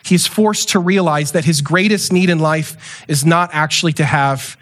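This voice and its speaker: Animated, higher-voiced male preacher. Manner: conversational, animated, acts out scenes with quick asides. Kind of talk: sermon.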